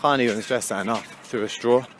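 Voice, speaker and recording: A man's voice: mid-range voice, a little fast, fairly bright tone. A young man, chatting casually while he walks and vlogs outdoors, swearing and laughing often. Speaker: vlogger. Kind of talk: casual walking vlog. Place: outdoors on busy town streets. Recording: faint street noise behind.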